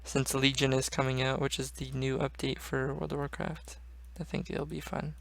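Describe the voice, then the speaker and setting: A man's voice: medium pitch, little pitch movement, moderate pace, vocal fry, a bit bright. A young man hosting a gaming channel, rambling casually and swearing often. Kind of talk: casual gaming vlog chat.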